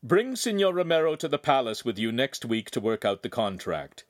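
Bossy but jolly lord, guy reading it, brisk orders, dry voice. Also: mid-range voice, big pitch swings, no room sound, natural voice. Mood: commanding. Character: commanding, good-humored nobleman ruler.

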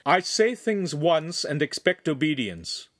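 A man playing a haughty young nobleman, raised pitch. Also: sing-song, moderate pace. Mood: angry commanding. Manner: imperious, raises his voice. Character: arrogant young male noble, haughty and threatening.

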